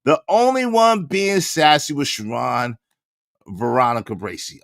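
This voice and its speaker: A man hosting a livestream, chatting casually with an animated, slangy delivery and rhythmic shout-outs to the chat. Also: medium pitch, moderate pace, no room sound, studio quality. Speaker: livestream host.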